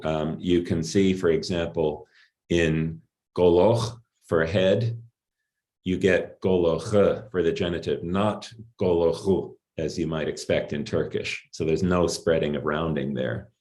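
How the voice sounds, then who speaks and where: A middle-aged man giving an academic linguistics talk in a measured, explanatory way, with some pauses and fillers. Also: sits low, a little mellow. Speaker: linguistics lecturer.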